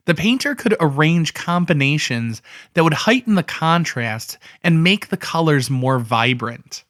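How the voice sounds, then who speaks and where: Male art educator, fairly high voice, dry close sound, conversational with asides. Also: fairly bright tone, dry recording. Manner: conversational, thinking aloud with asides. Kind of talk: casual art history explainer.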